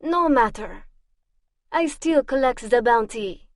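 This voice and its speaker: Calm older crook, unhurried and greedy, read by a woman narrator. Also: a little high, dry recording, clean studio sound. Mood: calm menace. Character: older male bounty hunter with a thick accent, calm and greedy.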